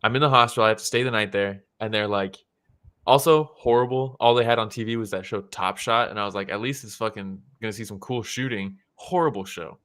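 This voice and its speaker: A young man with a low-set but bright, forceful voice talks loosely on a podcast. He swears freely and slips into quoted voices as he tells things. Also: a little fast. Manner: relaxed, swears often, acts out quotes. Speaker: podcast co-host. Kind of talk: casual chat reacting to fight photos.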